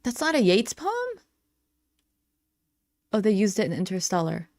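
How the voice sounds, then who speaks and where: A woman hosts a live reaction stream, chatting freely and answering the clip as it plays. Her voice sits at a middling pitch. The sound is close and dry, with almost no room around it. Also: sing-song, moderate pace, darkish tone, dry recording. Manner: chatty, talks back at the clip, thinks aloud. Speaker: reaction channel host.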